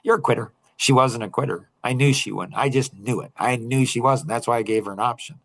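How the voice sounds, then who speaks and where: Middle-aged male host, mid-pitched, gravelly, emphatic storyteller. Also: a little fast, fairly bright tone, rough recording. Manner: emphatic, repeats key phrases. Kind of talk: storytelling talk to a group.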